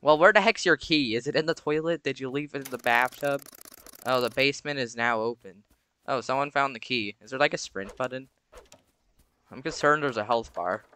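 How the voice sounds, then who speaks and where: A young man chatting casually through a horror game, jumpy and prone to sudden shouts. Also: mid-range voice, normal speed, clean tone. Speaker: gamer. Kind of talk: casual gameplay commentary.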